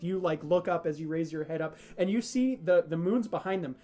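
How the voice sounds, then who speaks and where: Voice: mid-range voice, brisk, few pauses, dark tone, faint music behind. A game master narrating a homebrew tabletop game in a rambling, hesitant way, full of fillers and restarts.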